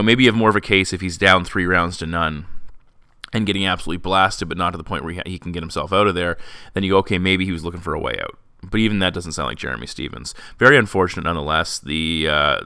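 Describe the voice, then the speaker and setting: A man hosting a fight predictions show, talking fast and giving strong opinions, with sarcasm at times. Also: sits low, bright, forceful tone, clear, resonant tone, no room sound, studio quality. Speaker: podcast host. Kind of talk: MMA predictions commentary. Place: classroom.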